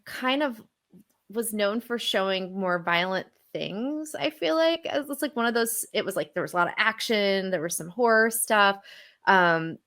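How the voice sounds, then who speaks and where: A woman's voice: medium pitch, lively intonation, moderate pace, fairly bright tone. A woman in her thirties co-hosting a casual film chat, talking in a chatty way with lots of fillers and restarts. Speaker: podcast co-host. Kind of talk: casual chat about films.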